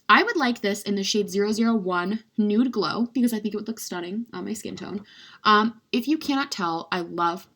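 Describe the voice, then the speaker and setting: Young woman vlogger, casual and rambly, gushes and teases herself, mid-pitched everyday voice. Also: fairly bright tone. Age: young adult. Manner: rambling, chatty, heavy use of "like"; gushing, self-mocking. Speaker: beauty vlogger. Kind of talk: casual chat.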